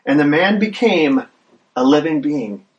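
A man's voice: a little high, lively intonation, a little slow, distant mic, dull audio. A man preaching a sermon as a pastor, earnest and often repeating the first words of a phrase, building energy with questions.

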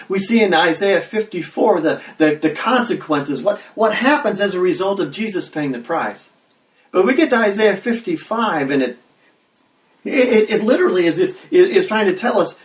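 A man preaching a sermon as pastor, talking conversationally and breaking into loud acted exclamations. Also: high-pitched. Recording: roomy sound, mic at a distance.

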